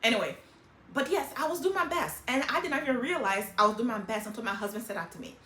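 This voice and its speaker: A middle-aged woman talking casually and emotionally about her life, in an animated, hyper way. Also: on the high side, fast talker, reverberant, slight background noise. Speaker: vlogger sharing life lessons. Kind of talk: casual personal talk.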